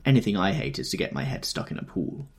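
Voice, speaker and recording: A man's voice: low-pitched, big pitch swings, quick pace. A man voicing a drunk, sulky young woman with a slurred, petulant delivery.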